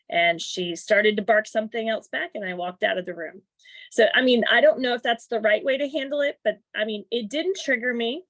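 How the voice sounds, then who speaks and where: A woman's voice: medium pitch, brisk, a bit bright, no room sound. A middle-aged woman in an online workshop, candidly telling a personal story and reflecting on it. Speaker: workshop participant. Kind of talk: personal story in a group chat. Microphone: video call.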